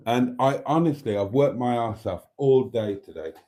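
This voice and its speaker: A man's voice: mid-range voice, expressive, moderate pace, mellow. A middle-aged man hosting a late-night livestream, cheeky and chatty with frequent laughs, tired. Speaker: livestream host. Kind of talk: casual chat reading comments.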